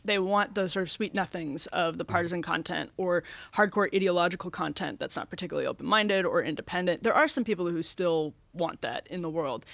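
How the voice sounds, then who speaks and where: A woman's voice: on the low side, creaky, fairly bright tone, no room sound. A young woman in a casual political discussion on a podcast, talking with emphatic asides.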